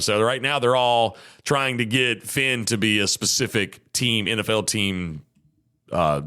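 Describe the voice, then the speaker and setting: A man's voice: on the low side, measured pace, clean tone. A man, hosting a podcast in casual, chatty talk full of fillers. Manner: chatty and animated, many fillers. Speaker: podcast host.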